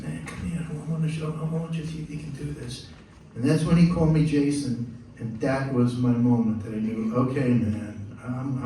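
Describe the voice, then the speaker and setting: An older man, a musician, tells stories to a live audience between songs, animated and acting out the voices of the people he quotes. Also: medium pitch. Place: live venue. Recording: echoey room, mic far off, faint noise.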